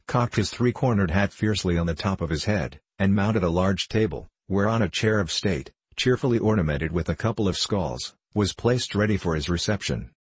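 A man narrating an audiobook in a measured, even storytelling manner. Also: low voice, husky, dry recording.

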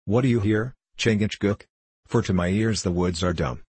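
Frontier scout, middle-aged, boastful and shrewd, folksy period speech, read by a man; low and husky. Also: normal speed, a little mellow, no echo. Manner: folksy old-fashioned speech. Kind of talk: audiobook character reading.

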